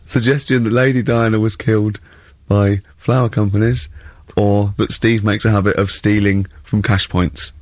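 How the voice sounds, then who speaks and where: Giggly English radio host, dry studio. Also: male voice, lowish voice, normal speed, no room sound. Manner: giggly, mocking, animated storytelling. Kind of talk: comedic radio banter. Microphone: studio microphone.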